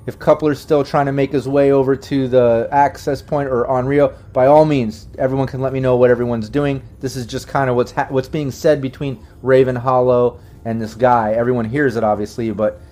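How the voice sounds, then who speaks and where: A man's voice: medium pitch, level tone, normal speed, few pauses, dark tone. A man running a tabletop role-playing game as game master, talking casually and swearing freely. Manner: casual, profane, acts out the captive in a raised voice.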